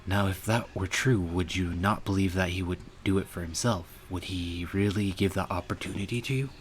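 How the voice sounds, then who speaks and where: Deep-voiced man reading a game aloud. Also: steady tone, moderate pace, slight background noise. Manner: earnest, emotional reading with some angry outbursts. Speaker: streamer. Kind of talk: reading a visual novel aloud.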